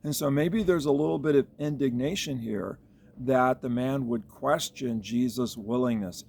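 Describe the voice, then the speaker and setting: A man's voice: mid-range voice, normal speed, creaky, darkish tone, slight background noise. A man giving a devotional Bible reflection as a pastor, thinking aloud in a reflective way with fillers and restarts.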